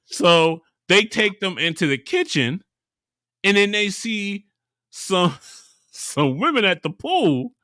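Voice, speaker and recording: This podcast co-host's voice sits high, and he takes it slowly as he retells a story in casual chat. He's an animated storyteller who laughs a lot and acts out characters, recorded in studio quality with no echo.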